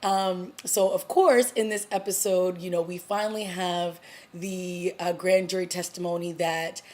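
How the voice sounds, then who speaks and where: A woman's voice: fairly low pitch, measured pace. Chatty woman recapping a TV episode. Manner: chatty, animated retelling with acted-out quotes. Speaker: TV review vlogger. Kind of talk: casual recap review.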